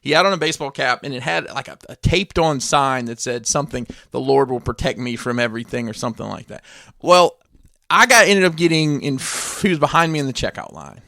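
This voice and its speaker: A man's voice: medium pitch, expressive, brisk, vocal fry, bright, forceful tone, no echo. A man with a mid-range voice telling a story in a casual, sarcastic way, with a few stumbles and restarts. The mic is close and dry. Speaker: podcast co-host.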